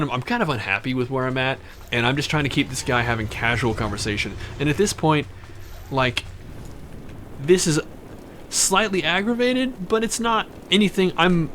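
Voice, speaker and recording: A man telling a wild personal story in a casual, animated, profane way, with many restarts. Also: mid-range voice, slight background noise.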